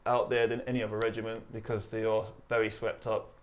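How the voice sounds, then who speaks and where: A man in his thirties from East London, with a London accent, a charity founder and army veteran telling his story in a relaxed, chatty way. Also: fairly low pitch, brisk. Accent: London English. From East London, England. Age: 30s. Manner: relaxed, chatty, laughs while retelling. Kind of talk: casual interview storytelling.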